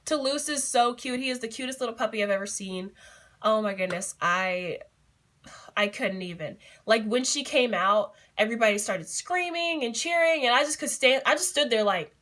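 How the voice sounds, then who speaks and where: A young woman chats to her camera in a casual vlog, giggly and excitable, full of little fillers. Her voice sits a touch high and rings bright and forward. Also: moderate pace. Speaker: beauty vlogger.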